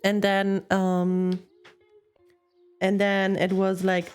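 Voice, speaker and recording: Woman, young, giggly, rambling casual chat, slow, faint music behind. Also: medium pitch, clear, resonant tone. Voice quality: giggly, laughs often. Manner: chatty, rambling, tells puns. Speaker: streamer. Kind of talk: casual chat while crafting.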